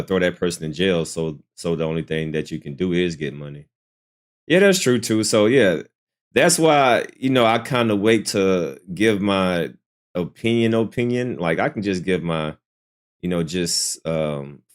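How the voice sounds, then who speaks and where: A man in casual commentary, swinging between quiet asides and loud outbursts. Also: low-pitched. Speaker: reaction channel host.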